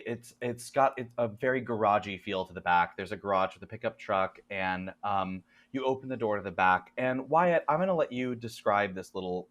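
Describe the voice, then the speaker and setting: A man narrating as game master in a loose, halting way with many fillers. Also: on the low side, fairly bright tone, highs cut off.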